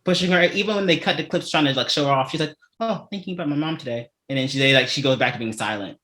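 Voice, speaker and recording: A man co-hosting a casual reaction podcast, chatty and quick to laugh, acting out what people said. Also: mid-range voice, pushed and bright, roomy sound. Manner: chatty, laughs often, acts out quotes. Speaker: podcast co-host.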